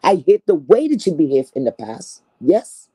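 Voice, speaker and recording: A woman's voice: low voice, big pitch swings, moderate pace, mellow, husky. A woman delivering an angry, profane callout rant, confrontational and scornful, often repeating herself. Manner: repetitive, stammering restarts. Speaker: online streamer.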